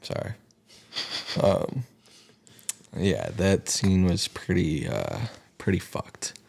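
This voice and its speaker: A man's voice: sits low, big pitch swings, slow pace, creaky, darkish tone, breathy edge. A man co-hosting a podcast in casual chat, animatedly retelling movie scenes and acting out lines. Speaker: podcast co-host.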